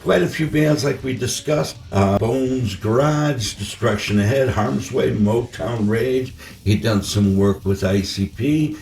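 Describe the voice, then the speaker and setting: A man's voice: mid-range voice, unhurried, a little mellow, slight background noise. A man hosting a casual interview, friendly, thanking his guest and wrapping up. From Michigan. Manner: friendly, brief affirmations and wrap-up. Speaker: interview host. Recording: gravelly voice in echoey room, far from mic.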